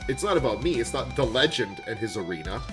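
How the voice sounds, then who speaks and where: A man's voice: mid-range voice, sing-song, fast. A man in his thirties, a streamer, chatting casually to his viewers in a heartfelt, rambling way, repeating words and getting choked up. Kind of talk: casual livestream sign-off chat. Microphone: desk microphone. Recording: guitar music playing behind.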